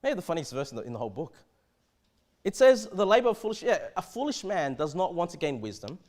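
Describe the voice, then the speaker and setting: A man with an Australian accent preaching a sermon in a church, conversational and animated, often stammering and restarting his sentences. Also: sits high, quick pace. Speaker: pastor.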